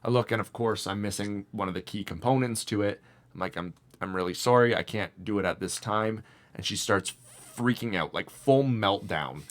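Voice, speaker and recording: Animated young man telling a story. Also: lowish voice, normal speed. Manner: animated, mimics voices in retelling. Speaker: podcast co-host. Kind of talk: casual storytelling chat.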